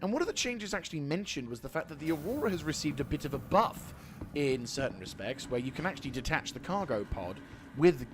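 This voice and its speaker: A British man in his thirties streams a game, giving casual commentary in a high-ish, sing-song, brisk voice. He rambles, swears, and pokes fun at himself.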